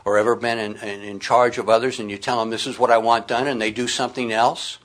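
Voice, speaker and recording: A man's voice: medium pitch, flat delivery, fast talker, a bit bright. A middle-aged man preaching a sermon, reading scripture aloud and speaking with earnest emphasis.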